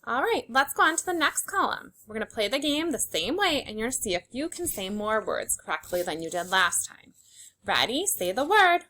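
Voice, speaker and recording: A young woman leads a phonics lesson for small children, stretching each letter sound slowly and plainly. Her voice sits fairly high and bright, with a lively, swooping pitch. She cheers them on in an upbeat, encouraging way. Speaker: teacher.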